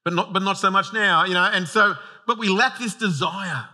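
A man preaching a sermon in a conversational, animated way with humorous asides. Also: high voice, normal speed. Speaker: pastor.

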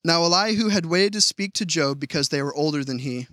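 A male preacher giving a conversational sermon, often stammering and restarting. His voice is bright and high for a man, recorded dry and close. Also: lively intonation, a little fast, no echo. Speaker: pastor.

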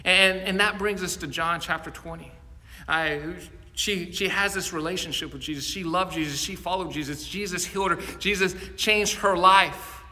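Male pastor, sermon, earnest storytelling, stumbles and repeats words, high voice, long reverb. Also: moderate pace, pushed and bright.

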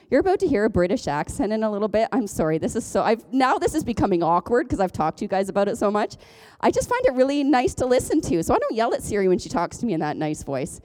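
A woman's voice: mid-range voice, darkish tone. A woman pastor giving a conversational sermon, chatty and self-deprecating, joking as she goes. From Ontario, Canada. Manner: chatty, self-deprecating, jokes and laughs often.

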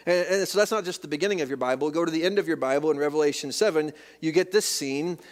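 Folksy pastor preaching a sermon. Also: male voice, on the high side, fast talker, hardly any pauses. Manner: folksy, reads scripture aloud, jokes with congregation. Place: church sanctuary.

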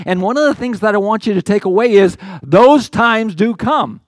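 An older man preaches in an earnest, conversational way, stumbling and restarting as he works through his points. His voice sits high for a man, and the sound is dry and close with almost no room around it. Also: a little fast, hardly any pauses, no echo. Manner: conversational, earnest, with many restarts and acted quotes of the psalmist. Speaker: pastor. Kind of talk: sermon.

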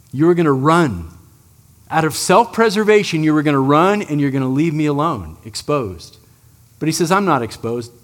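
A man preaching a sermon as pastor in a church, talking conversationally and checking in with the congregation with frequent asides. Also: a little high.

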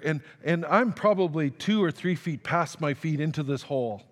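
A pastor with a voice on the high side preaches a sermon in a church sanctuary, talking fairly quickly with hardly any pauses. He tells a personal story in a conversational, self-deprecating way, acting out the dialogue. The long reverb of a large hall fills the recording.

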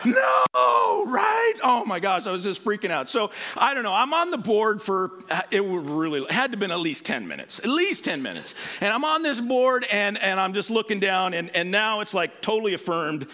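A man preaching a sermon, telling a personal story in an animated way and acting out voices. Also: sits high, brisk, few pauses.

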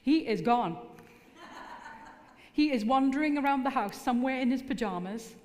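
A woman's voice: high voice, expressive, moderate pace, darkish tone. A middle-aged woman preaching a sermon in church, mixing earnest appeals with teasing humor. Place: church hall. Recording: long hall reverb.

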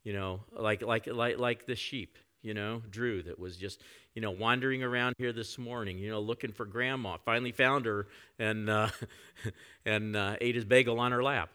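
A male pastor preaching a conversational sermon, often dropping to soft reflective tones. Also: on the low side, steady tone, normal speed, clear, resonant tone.

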